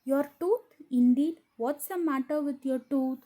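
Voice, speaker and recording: A woman's voice: fairly high pitch, fairly quick, warm tone, natural voice. A woman with a Tamil accent voicing a worried, scolding old aunt while reading a story to a class. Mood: incredulous. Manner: reading quotes aloud to a class.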